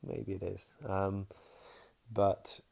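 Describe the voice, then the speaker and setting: A young man talks through a casual podcast monologue in a lowish voice with a gravelly edge. He rambles frankly, trailing off and restarting mid-thought. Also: completely flat delivery, very slow, darkish tone. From England. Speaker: podcast host.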